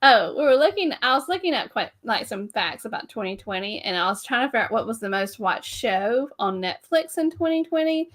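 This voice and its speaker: A woman's voice: fairly high pitch, very animated, a little fast, few pauses, fairly bright tone. A woman hosting a casual live-stream chat at home, laughing often as she talks. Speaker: host.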